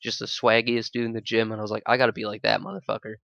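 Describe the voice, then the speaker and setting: A man's voice: lowish voice, racing, creaky, no room sound, muffled recording. A man co-hosting a podcast, telling his fight stories in casual chat, swearing, laughing and acting out the other people in them. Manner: animated, profane, laughing, acts out quoted voices. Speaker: podcast co-host, amateur Muay Thai fighter.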